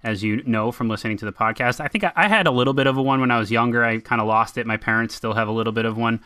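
A man from central Massachusetts co-hosts a casual podcast chat. His voice is bright and forceful, and it sits dry and close on the mic. He rambles and restarts, full of opinions. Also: medium pitch, rapid-fire, dry recording. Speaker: podcast co-host.

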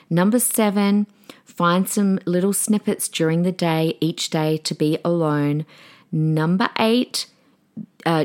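Chatty encouraging woman podcast host. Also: lowish voice. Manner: encouraging, chatty, lively with small restarts. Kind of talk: solo podcast talk.

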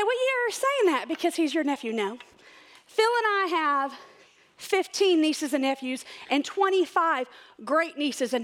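Middle-aged woman, high voice, excited storyteller at church. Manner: chatty, excited, laughs often. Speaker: church speaker. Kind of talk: church talk with personal stories.

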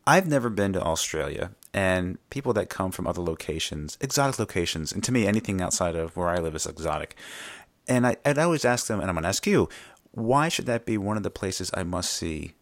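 A man interviewing a guest, asking curious questions in a relaxed chat. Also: low-pitched, a little fast. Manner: curious, asks questions with a laugh. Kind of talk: casual interview.

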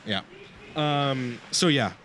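A man hosting a casual hockey podcast, telling animated, jokey stories to his co-hosts. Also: mid-range voice, slow, noisy background. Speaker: podcast host. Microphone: desk mic on broken stand.

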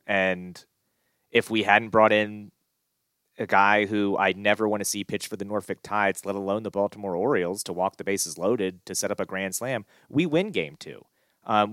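A man's voice: lowish voice, a bit bright, dry recording, studio quality. A man co-hosting a casual sports podcast, ranting in an exasperated, gloomy way with sighs and restarts. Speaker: podcast co-host.

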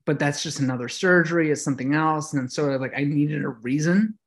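Gravelly emotional man telling his story. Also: fairly high pitch, fairly quick. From United States. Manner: reflective, emotional, with many fillers and restarts. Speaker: podcast guest, veteran and yoga teacher. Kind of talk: casual interview storytelling.

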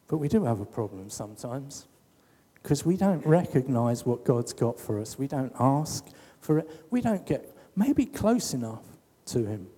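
Brief: man giving a chatty sermon, slow and lively in pitch, echoing hall. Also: husky. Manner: conversational preaching with rhetorical questions. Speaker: preacher.

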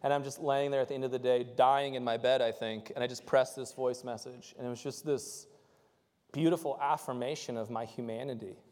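A male pastor preaching a conversational sermon, swinging from loud, impassioned stretches to soft, intimate ones. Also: mid-range voice, steady tone, fairly quick, big-room sound.

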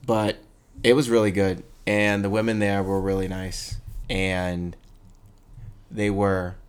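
A man's voice: low voice, flat delivery, takes it slowly, smooth. A man casually chatting as a podcast co-host, rambling and laughing often. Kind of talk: casual chat.

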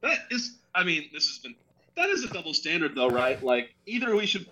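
A young man with a slightly raised pitch chatting casually on a comedy podcast. He is wry and self-deprecating and stumbles through restarts before landing a dry joke. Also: very animated, fairly quick, sharp tone, poor audio. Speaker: podcast co-host.

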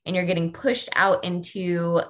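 A woman's voice: fairly low pitch, measured pace, fairly bright tone. A woman co-hosting a workplace talk, speaking emphatically and pushing her voice up to stress key points. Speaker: podcast co-host. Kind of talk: casual conversational discussion.

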